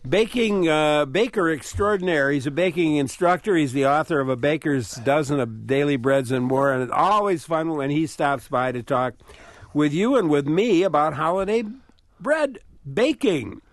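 A man hosting a public radio call-in show, relaxed and chatty, laughing easily. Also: on the high side, moderate pace, no echo. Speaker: radio talk show host. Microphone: studio microphone.

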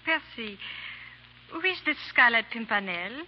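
A proud, troubled wife in an old radio play, earnest and at times hushed. The recording is dull with a faint hiss. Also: female voice, on the high side, lively intonation, unhurried. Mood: reproachful. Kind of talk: 1930s radio drama acting.

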